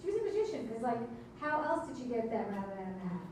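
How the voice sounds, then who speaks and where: Brash high-voiced woman emceeing in a comedy club. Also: sing-song, quick pace. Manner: brash, teasing the crowd, hyping the audience. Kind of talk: stand-up comedy hosting. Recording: echoey club room, distant mic, background noise.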